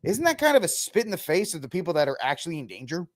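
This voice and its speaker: A sarcastic male podcast host who rants and mocks his subjects in loose, slangy commentary. His voice sits fairly high for a man, and he laughs often between jabs. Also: very animated, fast talker. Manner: sarcastic, mocking, ranting. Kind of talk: casual news commentary.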